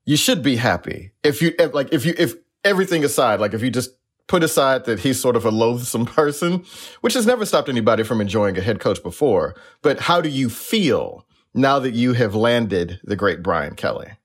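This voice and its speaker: A man's voice: medium pitch, very animated, moderate pace, husky. A man co-hosting a sports podcast, blunt and joking in casual chat. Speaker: podcast co-host.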